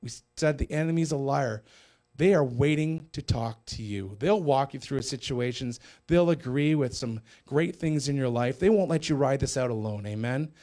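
A man's voice: mid-range voice, moderate pace, warm tone. A man co-hosting a Christian broadcast, teaching on forgiveness in an earnest, conversational way with frequent restarts. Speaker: Christian TV co-host. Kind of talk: sermon-style teaching.

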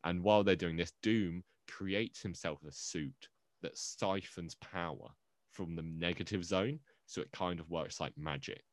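Low voiced guy on a movie podcast, rambly and jokey, dry close sound. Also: unhurried, no echo. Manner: rambling, jokey, self-interrupting. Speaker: podcast co-host. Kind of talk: casual movie podcast chat.

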